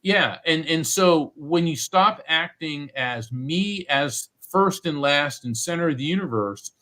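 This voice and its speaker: A man's voice: on the high side, measured pace. A man guesting on an interview podcast as a psychic medium, telling stories and acting out what others said. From United States. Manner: animated storyteller, acts out quoted voices. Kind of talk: storytelling interview.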